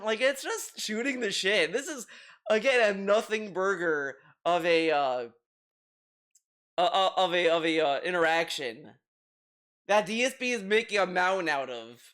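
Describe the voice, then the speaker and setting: A man's voice: high voice, animated, unhurried, a bit bright. A man hosting a commentary video, talking casually and profanely, often repeating words and restarting his sentences.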